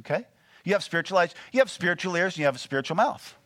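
A man preaching a sermon, animated and full of call-and-response questions to the congregation. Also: sits high, racing. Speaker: pastor.

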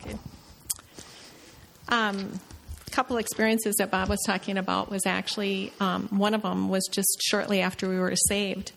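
A middle-aged woman telling a church a personal testimony, halting and full of restarts. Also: medium pitch, creaky, a little hiss or hum. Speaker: church member sharing a testimony. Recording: long reverb of a church hall.

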